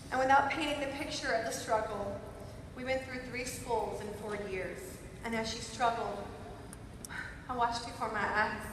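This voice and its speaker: Emphatic woman conference speaker, high pitch, heard distantly in a reverberant hall. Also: background noise. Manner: emphatic, swings from shouting to soft. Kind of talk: motivational speech. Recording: echoey hall, voice from far off.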